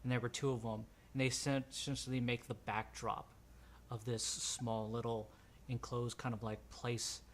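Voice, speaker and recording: A man runs a tabletop game, describing scenes in a loose, wandering way full of ums and self-corrections. His voice sits at an ordinary middle pitch. A faint hum of ambience runs underneath. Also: flat delivery, moderate pace. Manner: rambling, many ums and restarts. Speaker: game master. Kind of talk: narrating a tabletop role-playing game.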